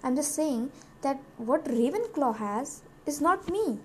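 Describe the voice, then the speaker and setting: A teenage girl vlogs to the camera in a casual, rambling monologue, mocking herself and giggling a lot. Her voice sits high and expressive with a darkish tone, and she talks a little slowly. Faint background noise is audible.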